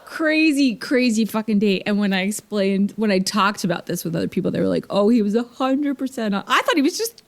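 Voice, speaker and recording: A young woman telling a dating story in casual chat, acting out quotes with big jumps in pitch and laughing often. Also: expressive, fairly quick, hardly any pauses. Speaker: podcast guest.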